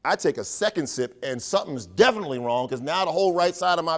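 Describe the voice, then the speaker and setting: Playful storytelling man, higher-pitched voice. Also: quick pace, hardly any pauses. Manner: playful, animated, joking with the crowd. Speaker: educator leading a workshop. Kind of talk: storytelling talk to an audience.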